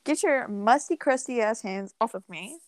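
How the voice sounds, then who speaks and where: High-voiced young woman teasing her friend. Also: lively intonation, normal speed, no room sound. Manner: teasing, profane banter. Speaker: podcast co-host. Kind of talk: casual chat.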